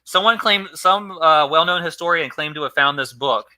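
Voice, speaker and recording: Bright-voiced man lecturing casually. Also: fairly high pitch, moderate pace. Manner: rambling, self-correcting, conversational; greets viewers in a live chat. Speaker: philosophy channel host. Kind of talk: casual lecture on early church history.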